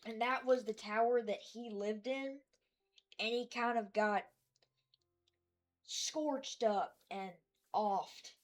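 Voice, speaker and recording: A woman with a higher voice narrates her game world in a casual voice-over, speaking slowly and pausing often. She rambles and hesitates, with many fillers and restarts, and makes self-deprecating remarks about her own work.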